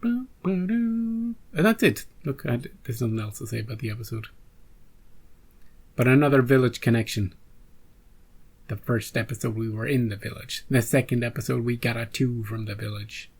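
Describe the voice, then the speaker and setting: A man's voice: medium pitch, steady tone, a little fast, vocal fry, pauses often, a little mellow, breathy edge. A man hosting a reaction channel, chatting casually with rambling asides and joking restarts.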